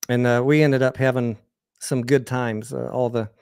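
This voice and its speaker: A man's voice: medium pitch, level tone, normal speed, darkish tone, clear, resonant tone, no room sound, clean studio sound. Candid rambling American man telling stories. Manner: candid, rambling, crude anecdotes with frequent restarts. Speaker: host. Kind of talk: casual storytelling on a livestream.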